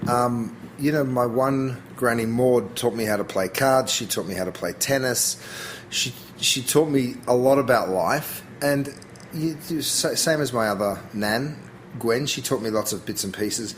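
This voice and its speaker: Man, Australian accent, chef guest, casual talk, middle pitch, rambling restarts. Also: measured pace, a little hiss or hum. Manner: chatty, thinks aloud with frequent restarts. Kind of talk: casual interview chat.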